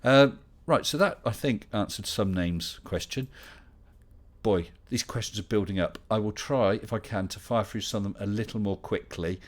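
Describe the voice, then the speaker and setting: A middle-aged man hosts a relaxed live Q&A stream with a fairly low voice. He chats easily, picks up viewers' questions one after another and answers them with dry humor. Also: moderate pace. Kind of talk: casual live Q&A chat.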